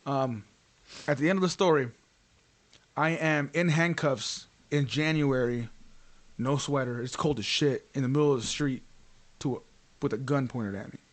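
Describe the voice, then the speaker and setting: A man's voice: mid-range voice, normal speed, pauses often. A man hosting a podcast, telling a story in casual chat, full of swearing and fillers like "like" and "um.". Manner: profane, rambling with frequent fillers. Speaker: podcast host.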